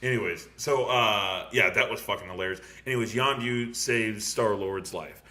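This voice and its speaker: An excitable young man chatting casually as a podcast host, his voice bright and forceful. He swears freely and breaks into laughter as he rattles on. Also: on the low side, normal speed. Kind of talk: casual movie review chat.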